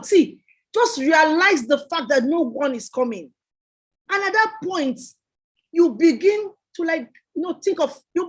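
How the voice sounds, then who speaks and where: A woman delivers a motivational talk in a notably high voice. She is emphatic and repeats her phrases for effect, much like a preacher. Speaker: guest entrepreneur.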